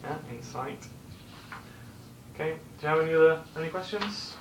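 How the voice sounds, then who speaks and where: Teacher with frequent "no?" checks. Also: male voice, a little high, normal speed, noisy background. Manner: explaining, checks in with tag questions. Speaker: English teacher. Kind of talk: classroom lesson. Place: classroom. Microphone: recorder at a distance. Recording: echoey room recording from far off.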